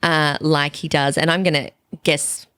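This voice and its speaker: A woman's voice: deep voice, fairly even intonation, unhurried, a bit bright, clear, resonant tone, no echo, clean studio sound. A woman co-hosting a podcast in casual chat, with a chatty, laughing manner and some casual swearing. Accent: Australian. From Australia. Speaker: podcast co-host.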